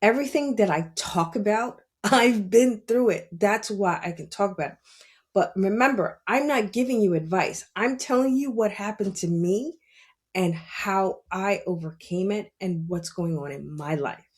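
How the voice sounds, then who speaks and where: A woman with a New York accent, hosting a podcast and telling her own story in a casual, animated way, laughing often and speaking bluntly. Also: medium pitch, a little slow. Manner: blunt and salty. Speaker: podcast host. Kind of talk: casual spiritual monologue.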